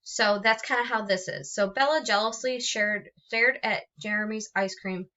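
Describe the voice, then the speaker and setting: A woman's voice: mid-range voice, normal speed, pushed and bright. A woman teacher explaining punctuation rules in a recorded lesson, patient and explanatory, often restarting her sentences. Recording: dull lo-fi sound.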